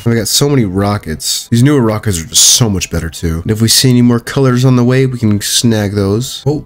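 A young man giving casual, upbeat commentary while playing a video game, thinking aloud with quick exclamations. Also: fairly low pitch. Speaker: gaming YouTuber.

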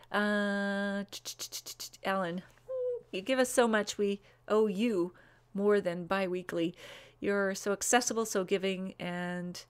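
A woman's voice: mid-range voice, clean tone. Chatty woman hosting a live wine show. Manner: chatty and bubbly, with frequent "um"s and quick asides; gushing over wines, rattling off names and tasting notes. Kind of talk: casual live-stream chat, reading viewer comments.

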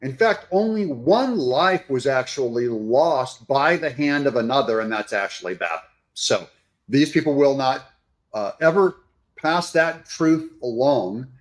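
A man giving sarcastic, animated reaction commentary on news clips. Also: medium pitch, unhurried. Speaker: political commentator.

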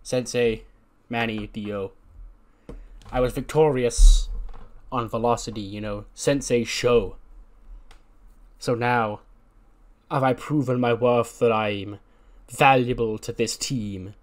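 Man reading as a smug cryptic young wrestler, cocky, medium pitch, wrestling sim story. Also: steady tone, slow pace, long pauses, close to an everyday voice.

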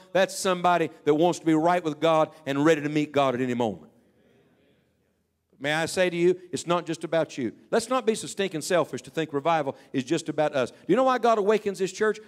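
A middle-aged man preaching a sermon, telling stories and dropping to a hush when he quotes people. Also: on the high side. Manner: storytelling preaching, quoting people in hushed tones.

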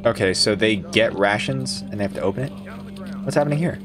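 A man's voice: on the low side, a little fast, music in the background. A young man doing playful, jokey let's play commentary as a gaming streamer.

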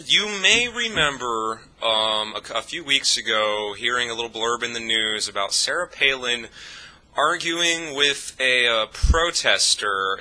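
A man's voice: mid-range voice, sharp tone, low-quality recording. A man vlogging a profane, scornful rant of political commentary. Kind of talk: ranting commentary.

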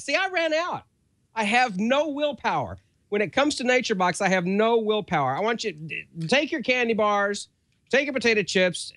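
Lively, joking male co-host. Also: a little high, no room sound. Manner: jokey, animated, self-mocking. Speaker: co-host reading an ad. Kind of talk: casual, joking ad read.

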